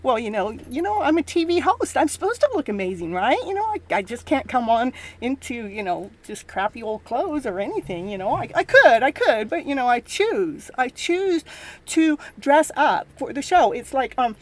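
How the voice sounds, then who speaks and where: A woman's voice: high voice, very animated, normal speed. A middle-aged woman hosting a live show, chatting casually, upbeat and motivational, laughing often and cheering. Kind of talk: casual live-stream chat.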